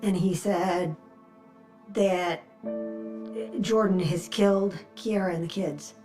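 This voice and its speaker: A woman in a documentary interview, telling events in a steady, plain way. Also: fairly low pitch, slow pace, over music, low-quality recording.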